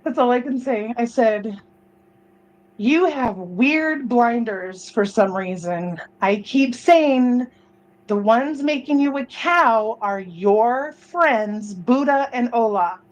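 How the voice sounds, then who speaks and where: A woman's voice: on the high side, expressive, slow, low-quality recording. A woman in a played video clip, talking in a sassy, blunt and mocking way. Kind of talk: casual video commentary.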